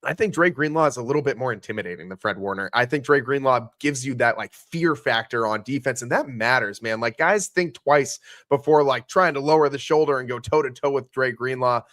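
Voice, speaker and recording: A man's voice: mid-range voice, fairly quick, hardly any pauses, a bit bright, no room sound, studio quality. A man guesting on a sports podcast, giving emphatic, opinionated analysis in casual chat.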